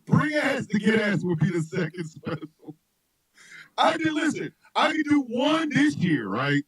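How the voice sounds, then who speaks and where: This man hosts a radio show and spins rambling comic stories in a high voice that swoops up and down. He laughs a lot and shouts whenever a story peaks. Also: unhurried, slightly rough, no echo, rough recording. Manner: loud, laughing, animated storyteller who shouts punchlines. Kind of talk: loose comedic chat with storytelling.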